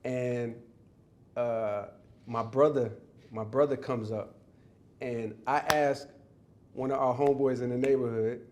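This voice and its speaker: A man's voice: medium pitch, steady tone, measured pace, pauses often, a little hiss or hum. A man as an interview guest, telling a story in a loose, rambling way with many restarts and fillers. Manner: acts out others' voices while telling a story. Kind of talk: casual storytelling.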